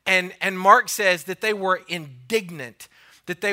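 High, bright-voiced man preaching. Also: a little slow. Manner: animated storytelling, acting out the voices of biblical figures; repeats and restarts phrases for emphasis. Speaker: pastor. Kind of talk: sermon.

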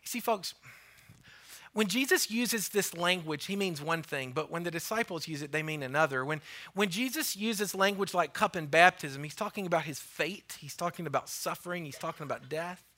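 A male pastor preaching a sermon, retelling a story with lively voices for the characters and repeating phrases for emphasis. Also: fairly high pitch, moderate pace. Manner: animated storytelling, acting out the voices of biblical figures.

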